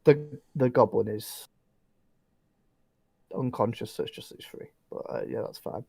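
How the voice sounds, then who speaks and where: A man narrating as dungeon master in a relaxed, rambling way, full of fillers. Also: medium pitch, measured pace, gravelly, slightly rough, no room sound. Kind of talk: narrating a tabletop game.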